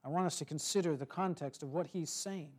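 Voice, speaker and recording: A man preaching a sermon, telling a story and reading scripture in a slow, measured way with soft, dropping phrase ends. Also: a little high.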